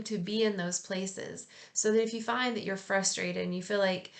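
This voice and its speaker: A woman hosting a casual spiritual reflection in a relaxed, chatty way, gently encouraging her listeners and laughing at herself now and then. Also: medium pitch, normal speed, gravelly, few pauses. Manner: relaxed and chatty, with frequent fillers.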